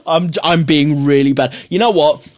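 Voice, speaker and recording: A man's voice: on the high side, very animated, a little slow, a little hiss or hum. A man co-hosting a casual film review podcast, rambling, swearing and laughing at his own jokes. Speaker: podcast co-host.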